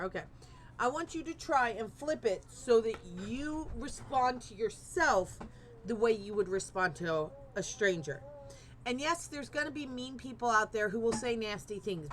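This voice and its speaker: A woman's voice: on the high side, fairly bright tone, a little hiss or hum. A woman streamer in her thirties, chatting casually and encouragingly with her viewers while gaming, a bit rambling.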